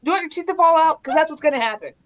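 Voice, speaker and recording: Animated, laughing mom in casual chat. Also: female voice, high-pitched, very fast. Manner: animated, laughs often, acts out quotes. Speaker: guest mom.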